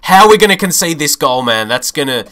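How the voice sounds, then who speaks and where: An animated young man commenting live on his own football management game. His voice is bright and sits a little high. He swings between hope and frustration and swears often. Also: fast talker.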